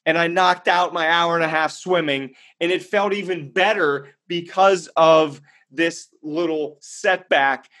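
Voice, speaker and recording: A man's voice: a little high, a little slow, few pauses, fairly bright tone. A man giving a motivational monologue, telling a story in an emphatic, blunt way and answering his own rhetorical questions. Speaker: motivational speaker.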